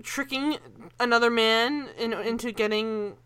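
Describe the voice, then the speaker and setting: A woman co-hosting a casual TV recap podcast, animated and laughing, swearing freely. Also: a little high, measured pace, smooth. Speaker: podcast co-host.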